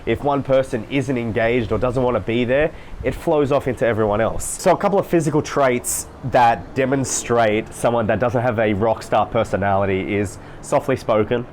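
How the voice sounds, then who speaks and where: A man's voice: mid-range voice, normal speed, darkish tone, a little hiss or hum. A man coaching his viewers in a casual, emphatic monologue, repeating phrases for stress. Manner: emphatic, repetitive, mimics voices to demonstrate. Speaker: social life coach. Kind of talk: solo talk to camera, coaching monologue.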